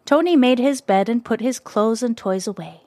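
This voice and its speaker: Gentle woman reading a children's story. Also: fairly high pitch, normal speed, dry recording. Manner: gentle, expressive narration.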